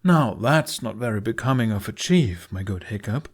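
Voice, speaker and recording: A man's voice: medium pitch, animated, moderate pace, a little mellow, pitched above the performer's own voice, natural voice. A man reading an audiobook, voicing a playful, impish young spirit who teases everyone. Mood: mock posh. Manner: teasing, playful.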